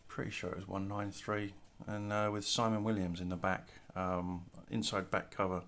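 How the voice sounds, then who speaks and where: A middle-aged man casually showing his artwork on camera, talking in a relaxed, rambling way with self-deprecating asides. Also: low-pitched, moderate pace. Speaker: artist showing his work. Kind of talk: casual show-and-tell narration. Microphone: camera mic, handling artwork.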